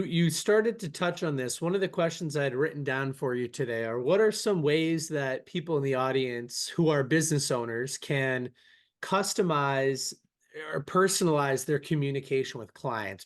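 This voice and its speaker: A man hosting a podcast, asking a guest a question in a conversational, measured way. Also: medium pitch. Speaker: podcast host. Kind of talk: interview question.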